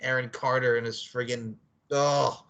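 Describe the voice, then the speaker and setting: A man's voice: mid-range voice, flat delivery, measured pace, fairly bright tone, lo-fi sound. A man hosting a casual podcast chat, rambling, profane and often laughing. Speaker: podcast host.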